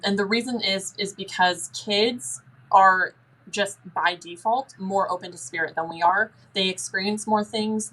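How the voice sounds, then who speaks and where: A young woman answering listener questions as a guest in a paranormal Q&A, chatty and lively, often acting out little dialogues. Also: rough recording. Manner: chatty, acts out dialogue in a higher voice.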